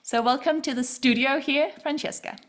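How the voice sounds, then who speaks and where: A woman's voice: high voice, moderate pace. A woman hosting a casual studio interview, gushing and enthusiastic with her guest. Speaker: podcast host.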